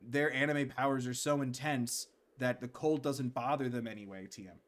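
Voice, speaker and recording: A man's voice: medium pitch, normal speed, hardly any pauses. A man casually commenting on a live game stream, rambling into joking asides. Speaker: gaming streamer.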